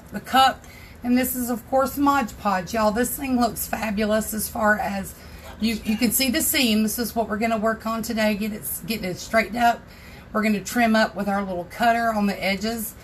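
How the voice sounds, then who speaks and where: Woman, craft livestream host, chatty, greets viewers by name, fairly high voice, faint background hiss. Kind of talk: casual livestream tutorial. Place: home craft room.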